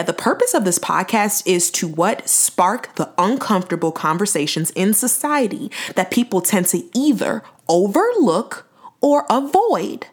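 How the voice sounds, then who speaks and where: Young woman, podcast host, earnest preachy monologue with emphatic slow-downs. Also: medium pitch. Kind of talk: faith-based podcast monologue.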